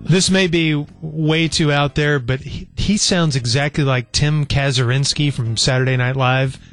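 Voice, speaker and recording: A man's voice: on the high side, measured pace, fairly bright tone, faint music behind. A man on a radio show, chatting in a tentative, musing way. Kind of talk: casual radio chat.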